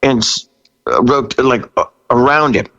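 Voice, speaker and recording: On lo-fi sound, a guest rock singer in his sixties tells a story at a measured pace during a casual interview, his voice gravelly yet fairly bright and animated. Frequent laughter punctuates it, and he springs up in pitch when he quotes himself.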